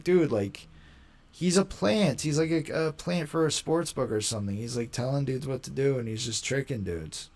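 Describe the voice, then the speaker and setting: Young man, livestream host, slightly high voice, slangy, rambling, mocking. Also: a little mellow. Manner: slangy, rambling, quick to mock. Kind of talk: casual live commentary.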